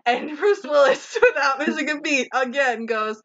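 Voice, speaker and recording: A woman's voice: high-pitched, normal speed. A woman co-hosting a podcast, casually and animatedly recapping a movie with lots of swearing and acted-out quotes. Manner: animated, sweary, quotes lines in exaggerated voices. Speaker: podcast co-host. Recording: dull lo-fi sound.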